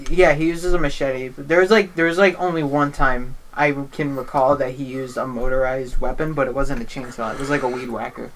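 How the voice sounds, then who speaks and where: A man's voice: mid-range voice, steady tone, moderate pace, hardly any pauses, fairly bright tone, a little hiss or hum. A young man co-hosting a podcast, chatting casually and correcting details in a nerdy way. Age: young adult. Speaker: podcast co-host.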